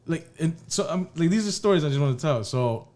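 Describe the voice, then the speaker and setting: A man's voice: fairly high pitch, lively intonation, a little fast, darkish tone. Rambling, profane man telling stories. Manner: rambling, profane, restarts often. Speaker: podcast co-host. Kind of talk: casual storytelling chat.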